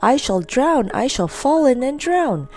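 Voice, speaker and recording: A woman's voice: high voice, very animated, slow, soft background music, pitched above the performer's own voice, exaggerated voice. A woman doing a wailing, panicky sailor doll. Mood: panicked. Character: frightened boastful sailor doll, male.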